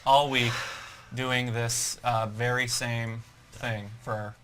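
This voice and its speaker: A man's voice: medium pitch, level tone, slow pace, noisy background. A man co-hosting a live game stream, casual and playful, asking questions. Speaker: stream co-host.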